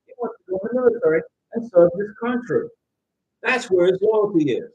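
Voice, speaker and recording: A middle-aged man hosting a casual livestream, loudly reading out viewer comments and giving advice, at times yelling. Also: high voice, fairly quick, dull audio, slight background noise. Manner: loud, animated, at times yelling. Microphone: home microphone with interference noted by viewers.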